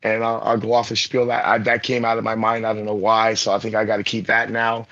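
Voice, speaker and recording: A man's voice: lowish voice, monotone, quick pace, sharp tone, highs cut off. A man chatting casually on a podcast about his stream, rambling and repeating himself, laughing easily. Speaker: streamer guest.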